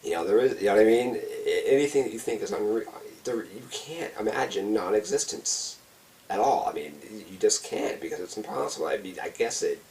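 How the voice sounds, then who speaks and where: Casting: man mid-trip, rambling and awed, swears a lot, low voice, recorded off-mic. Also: expressive, a little fast, darkish tone, far from the mic. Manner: rambling, awed, heavy swearing, many restarts. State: on psychedelic mushrooms. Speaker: vlogger giving a trip report. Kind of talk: rambling spoken trip report.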